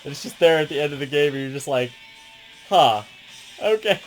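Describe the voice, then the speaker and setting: Talking rapid-fire at a medium pitch, this gaming channel host gushes about a favorite game in a loose, rambling way. There's plenty of swearing and frequent laughter, and faint music plays behind.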